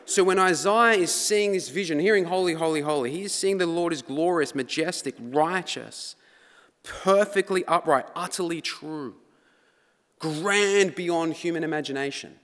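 Preacher in a reverberant church. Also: male voice, fairly high pitch, moderate pace, fairly bright tone. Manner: conversational, rising to dramatic emphasis. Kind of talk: sermon. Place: church hall. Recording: long reverb of a church hall.

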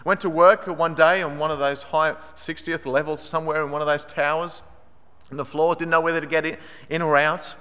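A man's voice: on the high side, a little fast, clear, resonant tone, big-room sound. A man preaching a sermon, telling a story earnestly and lifting his voice when he quotes a desperate plea. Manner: earnest, animated retelling, raising his voice for quoted pleas.

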